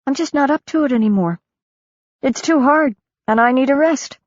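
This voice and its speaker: A woman narrator voicing a weary middle-aged mother, gentle and firm, on a dull lo-fi recording. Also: sits high, normal speed, dry recording, voice pushed up, lightly acted.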